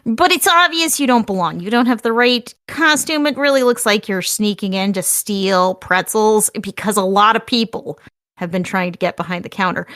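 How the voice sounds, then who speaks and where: A woman's voice: medium pitch, lively intonation, moderate pace, fairly bright tone, no echo, clean studio sound. A woman running a tabletop game as game master, laying out options step by step in an upbeat way.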